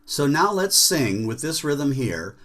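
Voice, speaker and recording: A man's voice: fairly high pitch, big pitch swings, slow, a bit bright. A man leading an online jazz workshop, chanting rhythm syllables and checking in with students over a video call.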